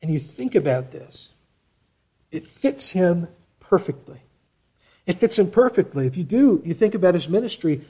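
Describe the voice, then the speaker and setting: A man preaching a sermon, reading scripture aloud and explaining it with expressive shifts in loudness. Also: high-pitched, moderate pace, long pauses, slightly rough.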